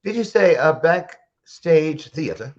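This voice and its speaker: A man's voice: fairly high pitch, lively intonation, slow, lo-fi sound. A man hosting a casual podcast interview, playful and joking. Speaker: podcast host.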